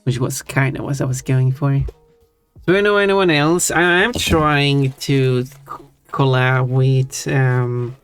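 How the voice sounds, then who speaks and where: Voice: medium pitch, fairly even intonation, slow pace, clean tone. A streamer with a Swedish accent chatting casually on a live stream, thinking aloud and answering chat. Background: faint background music.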